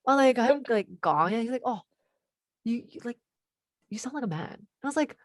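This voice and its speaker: A teenage girl with a deep voice, chatting casually as a podcast co-host and telling a story, full of fillers and switching into Cantonese now and then. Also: lively intonation, moderate pace, no echo. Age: teens. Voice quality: deep voice for a woman.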